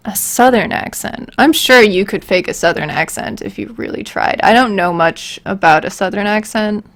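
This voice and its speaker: A woman's voice: mid-range voice, normal speed, creaky. A woman on a casual live stream who mutters to herself while she works and answers chat questions. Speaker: voicebank creator streaming.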